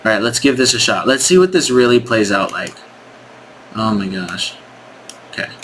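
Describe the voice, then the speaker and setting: A man's voice: fairly low pitch, animated, moderate pace, fairly bright tone, slight background noise. A man coaching on sales in a casual screen-share walkthrough, thinking aloud with frequent restarts and frank critique. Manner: frank, critiques scripts directly.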